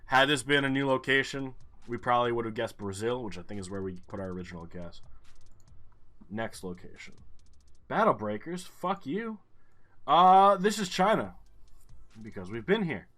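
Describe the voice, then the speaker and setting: A man's voice: on the low side, expressive, brisk, sharp tone. A man commentating his own gameplay, thinking aloud, swearing and getting frustrated.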